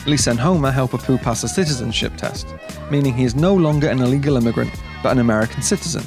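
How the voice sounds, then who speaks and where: Gravelly-voiced man narrating an essay. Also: medium pitch, over music. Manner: measured, explanatory. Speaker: video essayist. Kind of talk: scripted narration.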